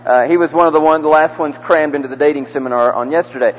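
A man's voice: a little high, fast, a little hiss or hum. A male preacher leading a large church crowd in call-and-response during a sermon, coaxing them section by section. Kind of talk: interactive sermon. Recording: dull echoey hall recording from the mic.

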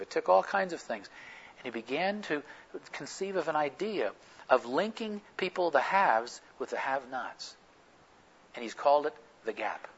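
A man preaching a sermon, telling an anecdote in an animated storytelling manner and acting out quoted dialogue. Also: medium pitch, breathy edge, muffled recording.

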